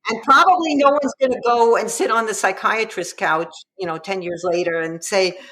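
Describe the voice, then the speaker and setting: A woman's voice: mid-range voice, normal speed, hardly any pauses, a bit bright. A woman guest author explaining her advice in a casual interview, quoting parents and children as she goes. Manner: explanatory, vividly quotes parents and kids.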